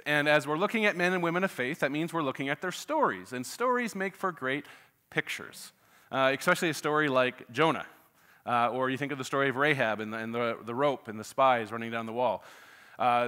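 A man's voice: a little high, sharp tone. A man preaching to his church, folksy and chatty, with many filler uhs. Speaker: pastor. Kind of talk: sermon with a joke opener. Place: church sanctuary.

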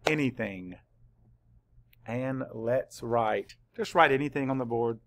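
A man teaching a spelling lesson to young children, spelling out letters slowly and patiently. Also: medium pitch, a bit bright. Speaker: third-grade teacher.

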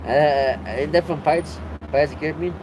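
A man's voice: on the high side, a little fast, noisy background. A man streaming live, chatting casually, laughing a lot and swearing freely.

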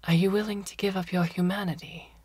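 A woman reading a calm ancient conch-being. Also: mid-range voice, fairly quick, breathy edge, dry recording, lightly acted. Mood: solemn.

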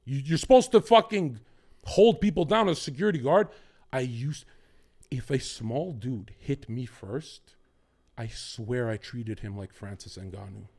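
A man chatting as a podcast guest, excitable and boastful, swearing freely and jumping between topics. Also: medium pitch, measured pace, vocal fry. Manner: profane and boastful. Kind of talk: casual podcast chat.

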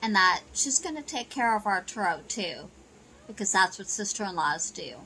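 Bright-voiced woman recapping a soap. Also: medium pitch, animated, moderate pace, a little hiss or hum, poor audio. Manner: chatty retelling with "you know" and "she goes". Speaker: soap opera recap narrator. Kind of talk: casual plot recap narration.

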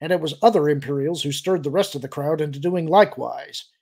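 A man's voice: a little high, fairly quick, creaky, a little mellow, husky. A man reading an audiobook, voicing an insistent, disgusted male colonist who snaps and retorts. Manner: snapping and insistent.

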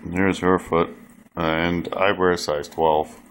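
A man casually narrating a home video of his big dog, in an offhand, deadpan way with ums. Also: low-pitched, takes it slowly, a little hiss or hum. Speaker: dog owner filming his pet.

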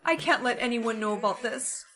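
A woman's voice: on the high side, normal speed, background noise, lightly acted. A woman playing a spoiled, whiny teen girl. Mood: upset. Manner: bossy, whiny and theatrical. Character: spoiled teenage girl, dramatic and demanding. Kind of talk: short comedy skit acting.

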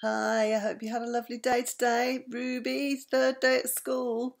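A woman's voice: fairly high pitch, moderate pace, vocal fry, few pauses. An older woman, a grandmother, chatting affectionately with her grandchildren and reading them a bedtime story.

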